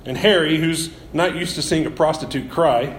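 A man's voice: fairly high pitch, normal speed. A man preaching a sermon, telling a story vividly and closing with reflective questions. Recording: roomy echo, faint noise.

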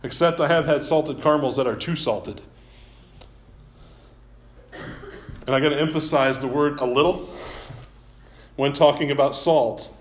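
A man preaching a sermon as pastor, talking in a relaxed, conversational way with self-deprecating asides, live-streamed from a church. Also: a little high, a little slow, long pauses.

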